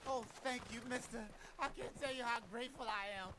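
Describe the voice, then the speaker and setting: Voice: medium pitch, steady tone, brisk, bright, forceful tone, a little hiss or hum, close to an everyday voice. A voice actor playing a down-on-their-luck grateful stranger in a western video game, speaking earnestly, heard as faint game audio from far off. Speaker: game character.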